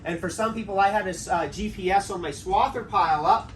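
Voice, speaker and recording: High-voiced man preaching conversationally. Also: brisk, fairly bright tone. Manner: conversational, draws answers from the congregation, tags lines with "right?". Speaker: pastor. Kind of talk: interactive sermon. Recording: distant mic with faint background noise.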